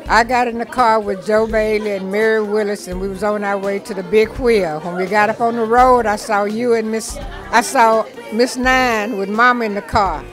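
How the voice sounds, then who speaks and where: A woman in her seventies telling a lively, funny story from her youth as a birthday message. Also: medium pitch, moderate pace. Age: 70s. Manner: lively storyteller, acts out voices from memories. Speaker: birthday well-wisher. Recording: music and crowd noise behind.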